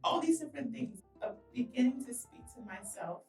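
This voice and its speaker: A high-voiced woman co-hosts a faith podcast, making bold declarations and backing up her partner. She sounds roomy and a little far from the mic, with faint music beneath her. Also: animated, vocal fry, darkish tone. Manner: affirming, declarative, quick to laugh along. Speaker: podcast co-host. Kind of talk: faith-based casual podcast talk.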